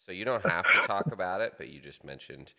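A man hosting a podcast, gently encouraging his guest and chatting casually. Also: deep voice, lively intonation, a little fast, vocal fry, crowd noise. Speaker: podcast host. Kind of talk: casual conversation.

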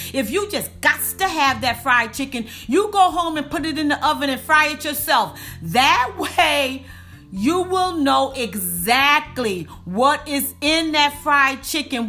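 A faith and wellness speaker delivers a wellness talk in a preaching style, her high voice bright and forceful. She calls her listeners y'all, repeats lines for emphasis, and draws out her punch words slowly.

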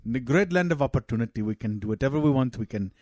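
Man playing a boastful immigrant dad, formal grand phrasing, lively swooping pitch, dry close sound. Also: normal speed, no echo, close to an everyday voice. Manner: grand, formal speech with repeated "huh?". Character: boastful immigrant father, middle-aged man.

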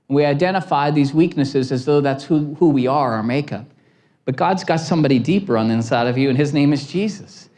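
A man preaching a sermon with lively storytelling, acting out voices and laughing at himself. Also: fairly high pitch, a little fast. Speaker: pastor.

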